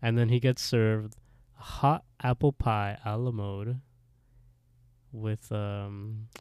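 A man's voice: lowish voice, slow pace, clear, resonant tone, dry recording, studio quality. A man co-hosting a podcast, casually retelling a TV episode with lots of swearing and laughter. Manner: animated storyteller, swears, laughs often. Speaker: podcast co-host.

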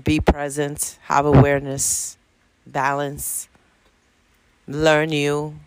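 A man's voice: medium pitch, completely flat delivery, takes it slowly, gravelly, clear, resonant tone, dry recording. A middle-aged man, a Reiki practitioner giving an earnest spiritual monologue full of repeated encouragement. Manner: earnest, repetitive, preachy encouragement.

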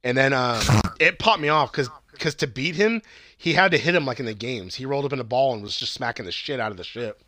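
Casual podcast co-host, man with a tense bright voice, excited rambling plot recap full of profanity. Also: mid-range voice, fairly quick, no room sound. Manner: excited, rambling, swears a lot, laughs at bits. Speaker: podcast co-host reviewing movies.

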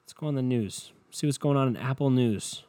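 A man's voice: mid-range voice, fairly quick, dark tone, no echo. A young man hosting a solo podcast, rambling in a profane, sarcastic, offhand way. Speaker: podcast host. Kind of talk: casual solo podcast rant.

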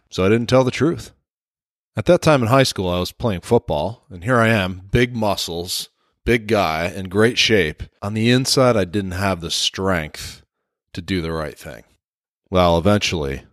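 A man's voice: lowish voice, no echo, clean studio sound. A man giving a motivational leadership talk, telling a personal story in an earnest, confessional way. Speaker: leadership speaker.

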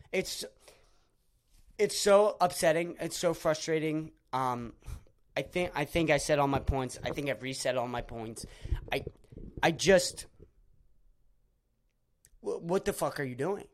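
Man, podcast host, angry rant, profane, shouty, bitter. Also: on the high side. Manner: furious ranting, swearing, shouting then subdued.

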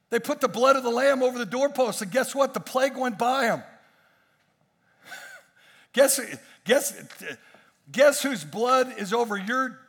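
A man's voice: high voice, vocal fry, a bit bright, slightly rough. A male pastor preaching a sermon with emphatic, repeated phrases.

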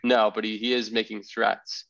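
A man hosting a podcast, telling a story in a rambling, animated way and acting out the people he quotes. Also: on the low side, normal speed, creaky, no echo, lo-fi sound. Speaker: podcast host. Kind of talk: casual storytelling chat.

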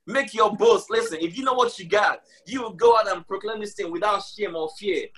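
A man's voice: high-pitched, brisk, hardly any pauses, fairly bright tone. A man preaching with passion on a live broadcast, repeating his key phrases and calling out to listeners with "y'all.".

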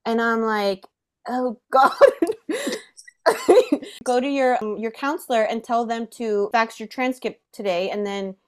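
Lively young woman telling a story. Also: on the high side, measured pace, clean tone. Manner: animated, laughs while telling a story. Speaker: podcast host. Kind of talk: casual storytelling.

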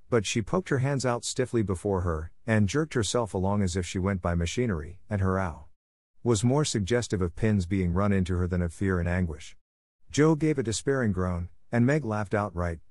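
A man narrating a classic novel in a measured, expressive reading. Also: low-pitched, dry recording, studio quality.

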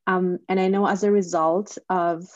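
A woman's voice: fairly low pitch, steady tone, normal speed, darkish tone, no echo, muffled recording. A woman hosting a discussion, thoughtfully working toward a long question with frequent fillers. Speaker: podcast host. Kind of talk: conversational discussion.

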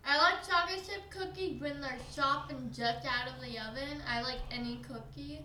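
A woman's voice: sits high, normal speed, pushed and bright. A young woman in a casual family chat, hesitant and giggly. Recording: echoey room with faint noise.

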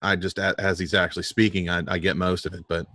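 A man's voice: sits low, level tone, fast, pushed and bright, no echo. A man, a podcast guest chatting casually and joking, with frequent restarts. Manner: joking, rambling, many restarts. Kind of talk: casual chat.

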